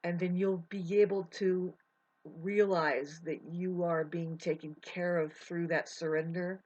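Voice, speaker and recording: A woman in a rambling spiritual monologue, emotional and swearing, drifting between soft musing and loud outbursts. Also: lowish voice, steady tone, measured pace. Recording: dull lo-fi audio.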